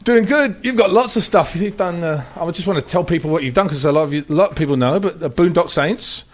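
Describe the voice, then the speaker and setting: Male radio host, chatty, laughs easily, higher-pitched, studio voice. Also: fast. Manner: chatty, laughs often, restarts sentences. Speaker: radio talk show host. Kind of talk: casual studio chat.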